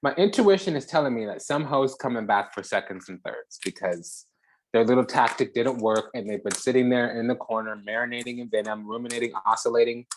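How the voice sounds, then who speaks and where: Here a spiritual channel host gives a fiery, foul-mouthed reading at a medium pitch, with slight background noise audible. The delivery swings between booming proclamations and quiet asides, punctuated by dramatic pauses.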